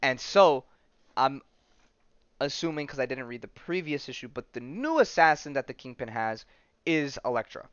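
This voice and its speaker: Smooth-voiced man rambling through a recap. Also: medium pitch, animated, normal speed, no echo, dull audio. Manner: rambling, heavy on fillers and "right?". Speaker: podcast host. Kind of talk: casual comic book recap.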